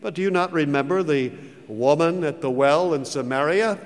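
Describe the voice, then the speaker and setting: A man preaching a sermon, slow and emphatic, with big dramatic rises and falls in his voice. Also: on the high side. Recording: long hall reverb.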